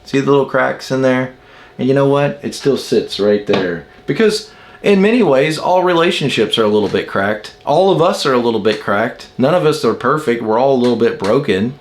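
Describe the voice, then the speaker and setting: A man's voice: mid-range voice, lively intonation, moderate pace. A man giving a casual spoken lesson on personality types, musing aloud and asking rhetorical questions as he explains. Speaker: personality-type teacher.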